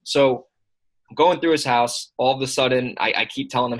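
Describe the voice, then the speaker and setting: A man in his early twenties, a sales coach telling an animated anecdote in a casual way. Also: medium pitch, poor audio. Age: early 20s. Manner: animated anecdote with quick asides. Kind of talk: casual storytelling.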